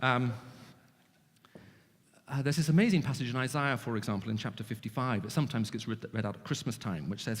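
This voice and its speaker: A man's voice: mid-range voice, fairly quick. British-accented man speaking in a reverberant hall. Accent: British English. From Middle East. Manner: animated, jokey, frequent restarts. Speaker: guest speaker. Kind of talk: evangelistic talk to students.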